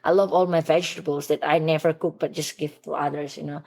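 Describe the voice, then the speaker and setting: A young woman chats as a podcast guest. Her voice sits a little low, and her phrasing is loose, rambling and full of easy laughter. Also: fairly even intonation, fast, vocal fry, darkish tone. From Sumatra, Indonesia. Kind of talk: casual interview chat.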